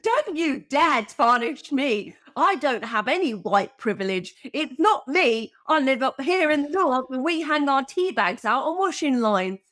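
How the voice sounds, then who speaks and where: A woman doing a mock impression of a flustered northern man who protests that he is innocent, slowly and emphatically. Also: high-pitched, big pitch swings, fairly bright tone, dry recording, clean studio sound, pitched above the performer's own voice, heavily acted.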